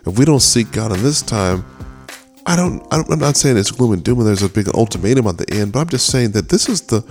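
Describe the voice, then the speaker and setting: A man's voice: lowish voice, animated, quick pace, darkish tone, soft background music. Earnest man giving a devotional talk. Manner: earnest, repeats and restarts words. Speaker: podcast host.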